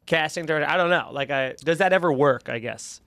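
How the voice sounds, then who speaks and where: A man hosting a podcast, asking teasing questions and cracking quick jokes in casual interview chat. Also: fairly high pitch, gravelly, a bit bright, dry recording, studio quality. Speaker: podcast host.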